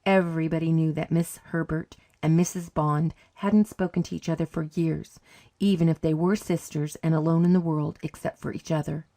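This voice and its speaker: A woman narrates a short story in a calm, even manner. Her voice is low and mellow, with a dark, soft tone. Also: moderate pace, no room sound, clean studio sound. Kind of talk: scripted narration.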